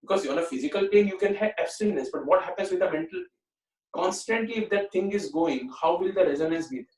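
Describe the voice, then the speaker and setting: Man, spiritual teacher, earnest and repetitive, high pitch, distant mic. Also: quick pace, a little mellow. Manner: earnest, repetitive, many "you know" fillers. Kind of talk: explanatory spiritual talk. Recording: roomy echo, mic at a distance.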